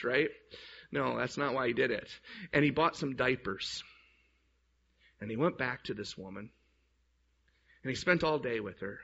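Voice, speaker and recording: A man's voice: fairly high pitch, creaky, sharp tone, a little hiss or hum. A man preaching a sermon as a pastor, emphatic and storytelling, with rhetorical questions to the congregation. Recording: dull lo-fi recording.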